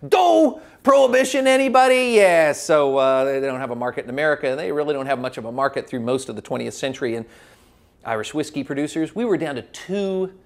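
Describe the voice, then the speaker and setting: A man giving a lively classroom lecture as a spirits educator, telling history like a story with small restarts. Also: mid-range voice, quick pace.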